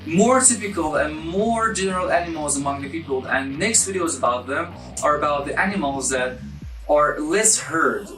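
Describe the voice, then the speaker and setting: A man's voice: on the high side, normal speed, music in the background. A man giving a casual online language lesson, repeating each word several times so viewers can copy it. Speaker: language teacher. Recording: echoey room, mic at a distance.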